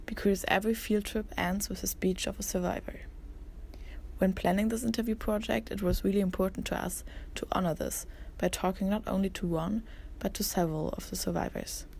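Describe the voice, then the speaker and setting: A young woman narrating as a museum intern in a soft, earnest read. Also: medium pitch, fairly even intonation, a little fast, vocal fry, a little hiss or hum. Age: young adult. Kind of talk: scripted narration.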